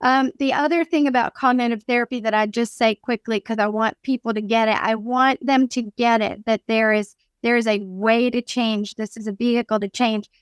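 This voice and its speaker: A woman's voice: fairly high pitch, fairly even intonation, normal speed, few pauses, smooth, no echo. A woman with a Southern US accent, a therapist and counseling teacher speaking as a podcast guest in an earnest, emphatic teaching tone.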